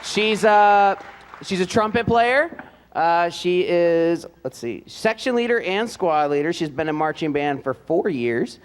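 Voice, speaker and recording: A man's voice: high voice, lively intonation, unhurried, some chatter behind, slight background noise. A man announcing seniors at a live school band event, reading their notes aloud with fillers and light joking asides. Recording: long hall reverb.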